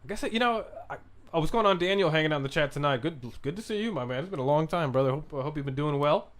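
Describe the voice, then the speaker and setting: A man hosting a podcast livestream, reading viewers' chat messages and answering in a rambling, relaxed way with frequent restarts and casual swearing. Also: on the high side, very fast.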